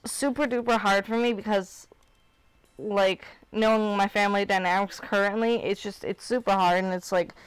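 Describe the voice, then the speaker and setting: There's no room sound around this woman's clean, medium-pitched voice as she speaks at a moderate pace in a steady tone. In her twenties and from Illinois, she hosts a live stream, chatting casually in a candid, rambling way, full of "like" and "you know what I mean."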